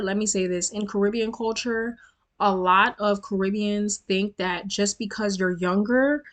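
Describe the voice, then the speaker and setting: A young woman telling a storytime rant to her viewers, blunt and profane, calling them y'all and getting more worked up as she goes. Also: medium pitch. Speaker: storytime vlogger.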